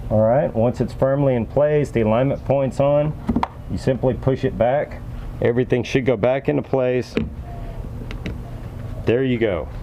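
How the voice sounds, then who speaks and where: A man's voice: medium pitch, unhurried, long pauses, dull audio, noisy background. A man casually talking viewers through a car part install, upbeat and folksy. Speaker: car enthusiast vlogger. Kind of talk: casual how-to talk.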